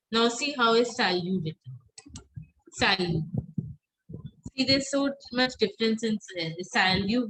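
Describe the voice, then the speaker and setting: A woman teaching an online French class, patiently repeating words slowly so students can drill them. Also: medium pitch, bright, forceful tone, poor audio.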